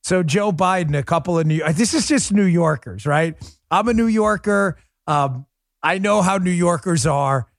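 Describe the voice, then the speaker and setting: Talk radio host, man from Queens, a bit high-pitched, lively and joking, dry close mic. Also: normal speed, no echo. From New York, Queens. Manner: animated, laughing, chatty.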